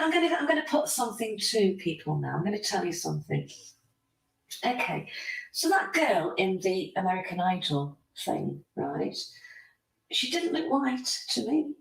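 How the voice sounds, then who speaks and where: Woman livestream host, gravelly, opinionated and chatty, sitting away from the mic in an echoey room. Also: mid-range voice, recorded from a distance. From United Kingdom. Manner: opinionated, rambling, talks to chatters by name. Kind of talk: casual livestream chat reading comments.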